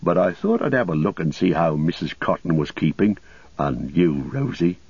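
Man reading as an earnest young hobbit lad, plain-spoken, husky voice, lo-fi sound. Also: low-pitched, sing-song, moderate pace, a little mellow, dry recording, exaggerated voice. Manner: plain homely speech. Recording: dull lo-fi recording.

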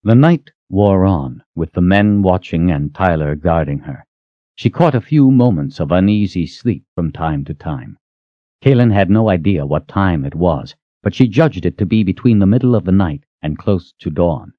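A man reads a novel aloud in an expressive storytelling style. His voice is on the low side but moves through a wide, lively range. The recording is dry and somewhat dull. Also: normal speed, dry recording. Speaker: narrator. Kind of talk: audiobook narration.

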